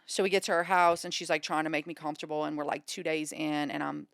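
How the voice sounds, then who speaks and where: A woman from Louisiana, a podcast guest telling her recovery story in a lively way and acting out what people said. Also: quick pace, creaky, dry recording, clean studio sound. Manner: animated, acts out quoted dialogue with pitch jumps. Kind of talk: candid storytelling about recovery.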